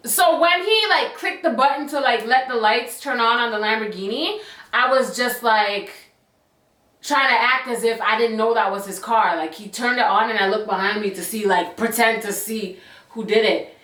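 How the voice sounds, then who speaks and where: A young woman spins a casual storytime in a bright, ringing voice that sits a little high. Her delivery is chatty and animated, packed with slang and side comments. The room around her is echoey. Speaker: YouTuber telling a story.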